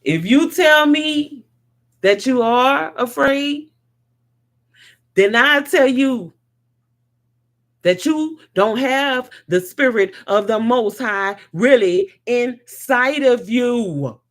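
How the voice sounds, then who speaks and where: A woman giving an impassioned spiritual monologue to a live audience, swinging from loud to soft. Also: fairly high pitch, lively intonation, very slow. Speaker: host.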